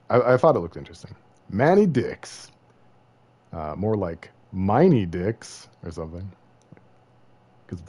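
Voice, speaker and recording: A man's voice: lowish voice, dark tone. A man streaming a video game, chatting casually and joking, rambling and slipping into silly voices. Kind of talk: casual gaming livestream commentary.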